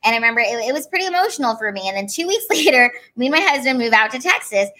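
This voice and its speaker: Bright, animated woman telling stories. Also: sits high, rapid-fire. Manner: animated, acts out quoted voices. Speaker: comedian guest. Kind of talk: casual storytelling interview.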